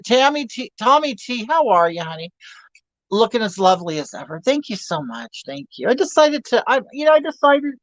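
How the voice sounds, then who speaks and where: A very high-pitched male voice with big swings in pitch talks a little fast, with no echo on the recording. The speaker, in his fifties, hosts a casual livestream, reading viewer comments, greeting people and making crude jokes in a campy, gossipy manner.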